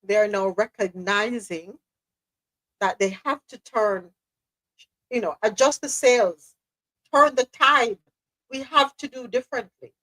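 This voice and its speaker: A woman's voice: a little high, measured pace, long pauses, a bit bright, poor audio. A woman hosting a live news podcast, speaking passionately and repeating phrases for emphasis. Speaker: host.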